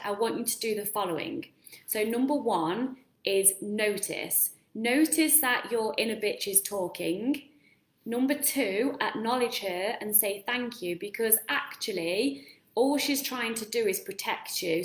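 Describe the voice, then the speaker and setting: Blunt, chatty woman coach on a live stream, mid-pitched voice, casual swearing, recorded in an echoey room. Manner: direct, asks the viewer questions, casual swearing. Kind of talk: live-streamed motivational talk.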